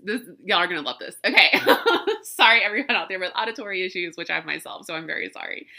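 A woman speaks candidly on her podcast, swearing and laughing often. Her voice is very bright and forceful. She sounds congested from crying and allergies. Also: medium pitch, expressive, quick pace, vocal fry. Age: 30s. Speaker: podcast host. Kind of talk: casual solo podcast talk.

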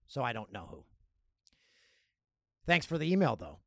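A man hosting a podcast, telling stories in a casual, animated way and acting out other people's lines. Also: medium pitch, normal speed, gravelly, pauses often, no room sound, studio quality. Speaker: podcast host. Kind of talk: casual storytelling.

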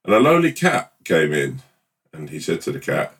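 Deep voiced guy rambling through a silly story, bit far from the mic. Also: very animated, vocal fry, fairly bright tone. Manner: rambling, playful, halting with restarts. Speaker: podcast co-host. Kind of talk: casual chat and improvised storytelling.

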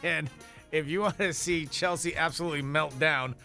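A man's voice: fairly high pitch, normal speed, creaky, pushed and bright, faint music behind. A man co-hosting a morning radio show, teasing his co-host and joking with callers in a radio studio. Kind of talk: lively morning radio banter.

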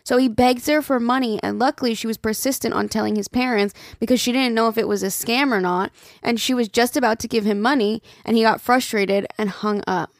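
Woman podcast host, fairly high voice, gravelly edge, dry close sound, casual and chatty. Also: steady tone, brisk, few pauses, dry recording. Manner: chatty, swears casually, laughs often. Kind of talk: casual podcast chat, reading listener emails.

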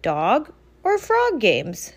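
Woman voicing a city dog, male, friendly, eager, storybook, unhurried. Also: a little high, wildly swooping pitch, husky, voice pushed up, full character voice. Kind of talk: storybook read-aloud.

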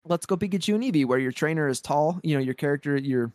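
A man co-hosting a podcast, talking excitedly in casual chat and rambling with many restarts and repeated words. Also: a little high, fast talker, no echo. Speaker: podcast co-host.

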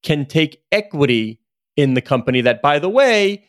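A man's voice: on the high side, sing-song, moderate pace, no room sound, studio quality. A man hosting a sports business podcast in a casual, joking, self-deprecating way. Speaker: podcast host.

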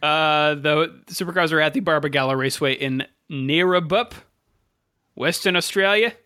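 A man's voice: a little high, normal speed, pushed and bright, smooth, no echo, clean studio sound. A man co-hosting a casual motorsport podcast, running through standings and race listings with frequent self-corrections. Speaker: podcast co-host.

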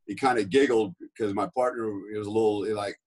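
Man, middle-aged, from the US, husky, podcast guest, casual rambling storytelling. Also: on the low side, steady tone, fast talker, a little mellow. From United States. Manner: rambling, profane, lots of fillers.

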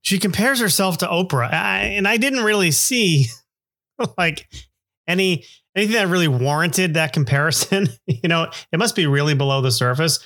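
A man's voice: on the high side, lively intonation, moderate pace, fairly bright tone. Rambling self-deprecating middle-aged man. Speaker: podcast host. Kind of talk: casual podcast narration.

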